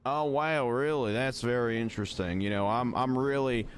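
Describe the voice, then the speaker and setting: A man putting on a Southern US drawl, playing a dim-witted country man who jokes slowly and deadpan. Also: mid-range voice, a little hiss or hum, close to an everyday voice. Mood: joking. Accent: Southern US drawl, put on. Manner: slow deadpan joking.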